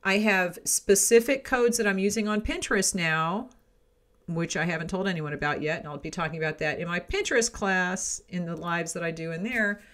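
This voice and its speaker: A woman's voice: lowish voice, moderate pace, a bit bright. A middle-aged woman hosting a home business podcast, giving frank, chatty advice with frequent "right?" and "okay?" asides. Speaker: podcast host. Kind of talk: casual advice talk.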